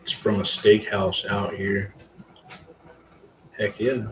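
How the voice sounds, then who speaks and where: A man's voice: fairly low pitch, little pitch movement, takes it slowly, long pauses. A man hosting a casual live stream about growing mushrooms, rambling loosely with lots of fillers and the odd curse word. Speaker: livestream host, hobby mushroom grower. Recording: echoey room with faint ambient hum.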